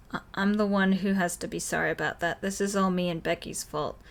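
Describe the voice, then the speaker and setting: A woman's voice: lowish voice, fairly even intonation, a little fast, vocal fry. A woman reads a horror visual novel aloud on stream, giving every character's lines in her own everyday voice. Between lines she breaks off to react to the story. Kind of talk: reading game dialogue aloud with own reactions.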